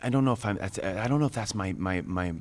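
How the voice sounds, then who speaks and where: A man in his forties, a guest on a live podcast, telling a personal story with lively acted-out quotes and bursts of laughter. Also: lowish voice, quick pace.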